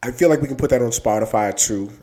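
A man's voice: mid-range voice, fast talker, dark tone. A man co-hosting a podcast in casual chat, laid-back and joking, rambling with fillers and swearing. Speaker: podcast co-host.

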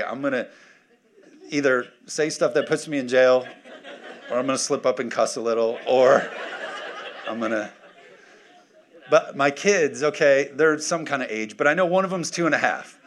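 A man in his thirties preaching a sermon as pastor, energetic and full of joking asides. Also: medium pitch, slight background noise.

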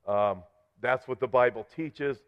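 Male preacher, mid-pitched, earnest teaching voice that swells when he reads scripture; slightly muffled lo-fi sound. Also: measured pace, clean tone. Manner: earnest, rises loud when reading scripture aloud. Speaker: Bible prophecy teacher. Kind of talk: sermon-style teaching. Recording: slightly dull lo-fi audio.

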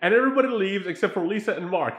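A man in casual chat recapping a movie, animated and laughing as he acts out scenes. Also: high voice, racing. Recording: echoey room.

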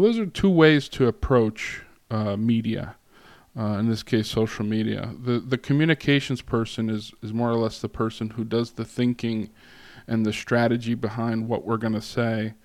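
A man speaking as a guest lecturer to a class, in a relaxed way with many fillers, pauses and restarts. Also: mid-range voice, clear, resonant tone, dry recording, clean studio sound. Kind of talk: casual classroom talk.

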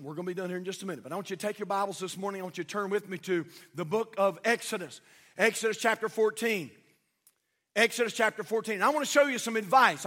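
A pastor, a man, preaches from the pulpit in a strikingly high voice. His tone is bright and forceful, and he animates stories with mimicked voices, swinging from loud exhortation to hushed tenderness. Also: in a large hall. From United States. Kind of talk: sermon. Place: church sanctuary.

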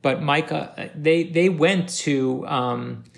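A man's voice: fairly high pitch, takes it slowly, gravelly. A man from Florida, an author being interviewed, giving emphatic advice, repeating key phrases for punch and acting out the dialogue in his stories. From North Miami Beach, Florida. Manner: animated storyteller acting out dialogue. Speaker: author guest. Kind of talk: motivational interview talk.

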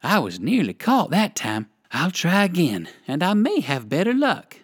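A polite old gentleman rabbit from a storybook, played by a reader, earnest and courteous. His voice sits a little higher than the narration and swoops up and down. The sound is close and dry. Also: wildly swooping pitch, normal speed, husky, no echo. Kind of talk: storybook character voice.

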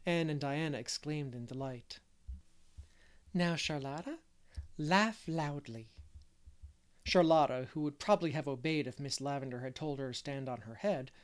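A man reading a classic novel aloud as narrator, gentle and unhurried, with the odd stumble. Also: a little high, smooth. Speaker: audiobook reader. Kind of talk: storybook narration.

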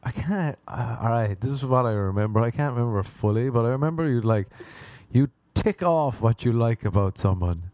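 Male comic, animated delivery with acted-out voices, dry mic. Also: mid-range voice, moderate pace, no echo. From Ireland. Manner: animated, acts out voices, laughs at own jokes. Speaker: stand-up comedian. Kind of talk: stand-up comedy routine.

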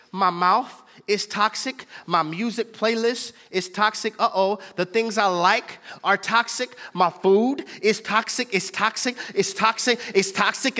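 A man's voice: high-pitched, pushed and bright, long reverb tail. A man preaching a sermon as pastor, driving his points home with repetition and call-and-response.

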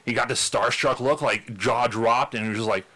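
Laid-back young man with a bright voice. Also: mid-range voice, moderate pace. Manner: laid-back, filler-heavy storytelling with acted quotes. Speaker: podcast co-host. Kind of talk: casual storytelling chat.

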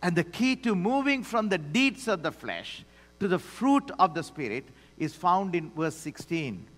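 High-voiced male pastor preaching. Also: big pitch swings, a little slow. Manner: emphatic preaching, swings between loud declarations and hushed asides. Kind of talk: sermon. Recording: long hall reverb.

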